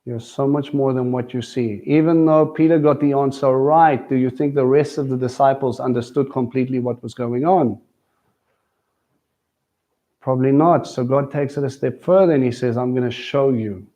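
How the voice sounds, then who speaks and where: A teacher at a Messianic congregation delivers a live sermon in a conversational way, frequently putting questions to his listeners. His medium-pitched voice is mellow and steady in tone at a normal speed, though the audio is dull.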